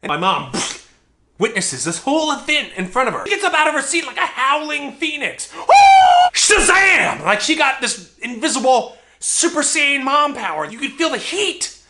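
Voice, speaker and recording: Young guy telling a funny story, super expressive pitch, bright tone, keeps cracking up. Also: moderate pace, a little hiss or hum. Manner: animated, exaggerated, laughing at his own jokes. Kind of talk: comedic storytelling vlog.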